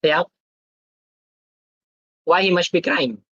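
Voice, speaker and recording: A man's voice: high voice, slow pace, pushed and bright, no echo, muffled recording. A young man, teaching a live online workshop. He quizzes the chat and keeps checking in with "okay?". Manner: interactive, quizzes the chat, tags sentences with "okay?". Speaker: guest speaker at a student tech workshop.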